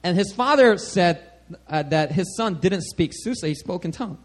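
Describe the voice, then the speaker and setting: A man preaching a sermon to a congregation, animated and conversational, often checking in with "all right?". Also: high voice, moderate pace. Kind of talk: sermon teaching.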